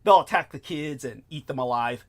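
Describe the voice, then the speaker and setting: A man's voice: medium pitch, moderate pace. A man hosting a casual talk show, lecturing in a rambling, profane way with lots of fillers. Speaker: host.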